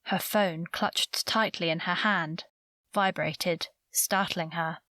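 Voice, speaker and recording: Measured woman audiobook narrator, lowish voice. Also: fairly even intonation, pushed and bright, no echo. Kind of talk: scripted narration.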